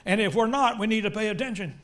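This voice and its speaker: A middle-aged male preacher delivers a sermon at a fast clip, swinging between loud, emphatic lines and quiet, low ones.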